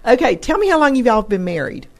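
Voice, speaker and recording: A woman hosting a radio talk show, chatty and quick to laugh with her guest. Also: a little high, big pitch swings. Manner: friendly, chatty, laughs easily. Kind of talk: casual radio interview.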